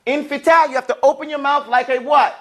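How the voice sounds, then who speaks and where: A man with a very high-pitched, steady voice teaches Arabic and recitation in a classroom at a brisk pace. He explains things patiently and uses call-and-response, having the class repeat each word after him.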